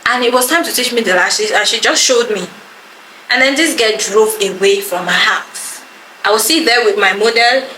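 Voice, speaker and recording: A woman tells a story in a lively, animated way and acts out the people in it. Her voice sits a little high. The recording is roomy and echoey, with steady noise behind her. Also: normal speed. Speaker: podcast co-host telling a story. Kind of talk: casual story time chat. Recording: echoey room with background noise.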